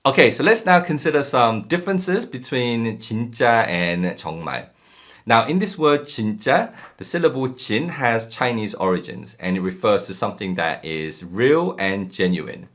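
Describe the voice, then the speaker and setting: A man teaching a language lesson in a relaxed, casual way, with many ums and uhs, acting out short example phrases. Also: mid-range voice, a little fast.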